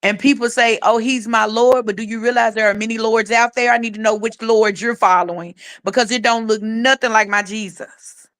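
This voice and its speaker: A woman's voice: fairly high pitch, steady tone, brisk, a bit bright. A middle-aged woman co-hosting a casual podcast about faith, speaking frankly in a testifying, storytelling way. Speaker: podcast co-host.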